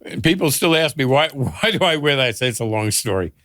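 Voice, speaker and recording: A man's voice: medium pitch, animated, fast talker, fairly bright tone, no room sound, studio quality. An older man, a father on a podcast, telling family stories casually and laughing through them.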